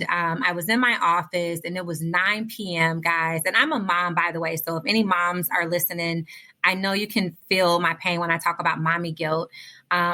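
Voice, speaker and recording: A woman's voice: lowish voice, sharp tone. A woman guest on a podcast, telling her story with heartfelt energy and speaking straight to the listeners. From United States. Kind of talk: casual interview storytelling.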